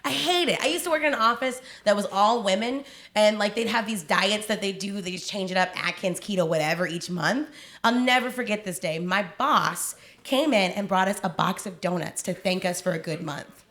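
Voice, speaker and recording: A woman comedian performing a stand-up set on a club stage, chatty and animated with lots of "like". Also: mid-range voice, normal speed. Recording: echoey live club, loud background noise. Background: audience laughter.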